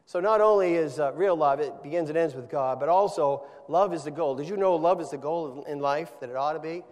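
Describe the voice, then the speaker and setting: A man with a fairly high voice preaches a sermon, emphatic and building to forceful peaks. His words ring out with a long reverb that trails behind them. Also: fairly quick. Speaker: pastor.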